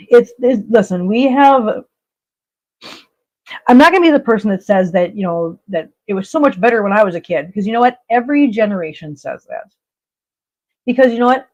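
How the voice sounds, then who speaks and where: A woman's voice: fairly high pitch, lively intonation, normal speed, darkish tone, dull audio. Blunt emphatic woman hosting a live chat. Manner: emphatic, repeats herself, blunt and emotional. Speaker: live stream host. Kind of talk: casual live chat reading viewer comments.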